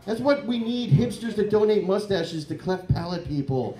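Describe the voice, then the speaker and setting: On a comedy club stage, a man whose voice sits a little high for a man works through a crude, rambling stand-up set at normal speed. He's animated and keeps breaking into loud mock voices, and his handheld mic picks up the echoey room.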